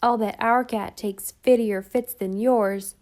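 A woman voicing a taunting young bully boy in a storybook reading, jeering in a slow, drawn-out way. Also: fairly high pitch, darkish tone.

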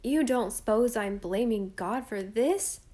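A proud young boy in a storybook, heartbroken over a lost dog, speaking slowly in a choked, stern voice, as a woman reader puts him on. His words come out heavy and deliberate. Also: medium pitch, a little mellow, lightly acted. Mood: grieving. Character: proud, heartbroken boy who loves dogs.

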